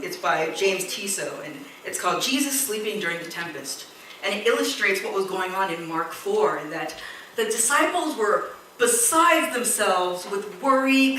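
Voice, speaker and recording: A woman preaching a sermon in a church, telling a story with lively quoted voices. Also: medium pitch, a little hiss or hum. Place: church hall. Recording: echoey church hall, distant mic.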